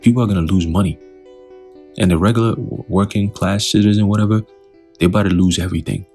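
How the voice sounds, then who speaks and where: A man with a very low, gravelly voice and a husky edge, teaching scripture in a loose, conversational way. He keeps asking his listeners questions as he goes. Faint music plays behind him. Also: fairly even intonation, quick pace, a little mellow.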